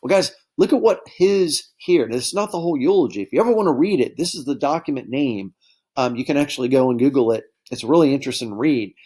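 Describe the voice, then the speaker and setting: A man teaching a history lesson in a relaxed, conversational way, often checking in with his students. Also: medium pitch, fast, husky. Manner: conversational, keeps addressing students as guys with frequent okay and right checks. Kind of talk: classroom lecture.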